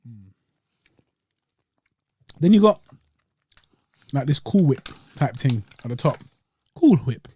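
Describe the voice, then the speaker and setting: A young man hosts a podcast reviewing desserts, chatting casually and in slang about one while eating it. His medium-pitched voice is warm, lively and breathy, and he talks slowly with frequent pauses, recorded without echo.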